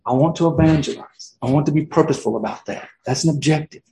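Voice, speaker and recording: A man's voice: a little high, fast talker, gravelly, dark tone, a little hiss or hum. A middle-aged man preaching a sermon as pastor, casual and conversational, full of fillers and restarts. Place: church sanctuary. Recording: roomy church echo.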